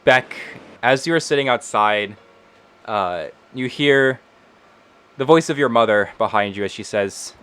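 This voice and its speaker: A man running a tabletop game as game master, narrating scenes in a relaxed way with frequent fillers. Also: mid-range voice, measured pace, smooth.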